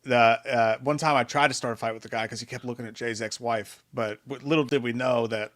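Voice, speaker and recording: A man's voice: mid-range voice, fairly even intonation, fairly quick, a bit bright. A man co-hosting a live show, telling profane anecdotes in casual chat and laughing often. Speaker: podcast co-host.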